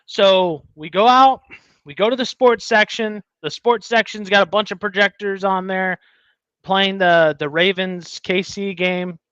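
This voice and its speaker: Man, podcast co-host, animated storyteller, bright tone, lo-fi recording. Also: sits high, a little slow, clear, resonant tone, no room sound. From United States. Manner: animated storyteller, acts out quotes. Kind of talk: casual chat, storytelling.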